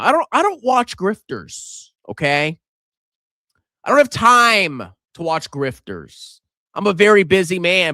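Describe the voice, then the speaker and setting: A man's voice: sharp tone, no room sound. Middle-aged guy joking around on his livestream, tight dry sound, sarcastic. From Virginia coast, USA. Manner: joking, sarcastic, theatrical swings in pitch. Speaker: livestream host. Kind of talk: casual livestream chat.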